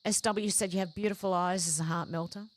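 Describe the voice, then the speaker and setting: A woman's voice: lowish voice, fairly even intonation, fast talker. Woman host reading viewer comments aloud. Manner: conversational, reacts briefly between comments. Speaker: livestream host.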